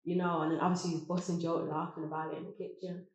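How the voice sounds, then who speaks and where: A woman telling a personal story on a podcast, animated and often laughing. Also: fairly low pitch, quick pace. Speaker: podcast guest. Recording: very echoey room.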